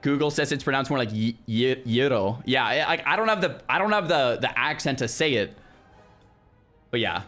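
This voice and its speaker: A young man streaming, chatting casually with his viewers in an animated way, with lots of restarts and loud exclamations. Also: mid-range voice, moderate pace, faint music behind. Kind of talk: casual livestream chat with viewers.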